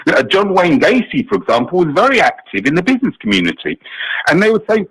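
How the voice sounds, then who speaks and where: A man calling in to a talk radio show, arguing in an animated, impassioned way. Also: on the high side, fast talker, slightly rough, poor audio. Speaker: caller. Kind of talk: call-in talk radio chat.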